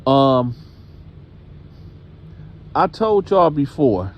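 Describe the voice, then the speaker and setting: A man's voice: mid-range voice, sing-song, extremely slow, highs cut off. A man telling a story in a casual, conversational way, speaking directly to his listeners.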